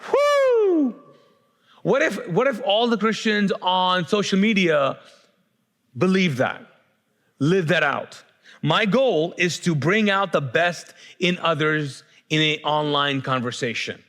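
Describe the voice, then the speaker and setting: A man's voice: high-pitched, a little slow, a bit bright. Conversational pastor preaching, man. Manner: conversational, with frequent restarts and rising fervor. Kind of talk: sermon.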